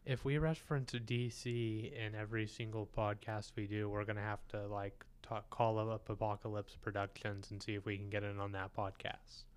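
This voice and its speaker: A man's voice: fairly low pitch, flat delivery, moderate pace, hardly any pauses, clear, resonant tone. A man co-hosting a film podcast, telling stories and joking in casual chat. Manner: storytelling, joking. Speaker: podcast co-host.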